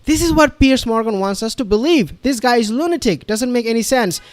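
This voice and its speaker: A man's voice: extremely high pitch, lively intonation, fairly quick, no echo. A man commenting on a played interview clip, emphatic and repetitive, with frequent fillers and restarts. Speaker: online commentator.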